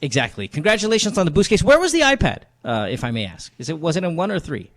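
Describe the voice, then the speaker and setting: A man hosting a late-night call-in show, chatting loosely and crudely with plenty of fillers. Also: fast. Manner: loose and crude, many fillers, lively swings in pitch. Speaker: podcast host. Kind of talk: casual radio call-in banter.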